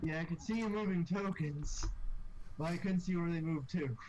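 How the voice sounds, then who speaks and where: Male player, brash and profane, a touch high, dull lo-fi sound. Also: moderate pace, a little mellow, slight background noise. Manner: cocky, swears freely. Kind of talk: casual tabletop play.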